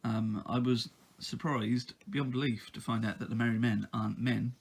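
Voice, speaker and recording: A man's voice: medium pitch, fairly even intonation, normal speed, vocal fry, husky. A man giving a casual book review, talking in a hesitant way with lots of ums and uhs.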